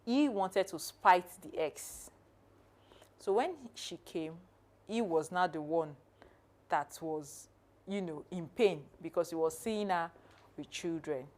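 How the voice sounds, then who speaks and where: A woman co-hosting a podcast, telling a story in a measured, unhurried way. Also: on the low side, expressive, a little mellow. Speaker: podcast co-host. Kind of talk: conversational podcast talk, storytelling.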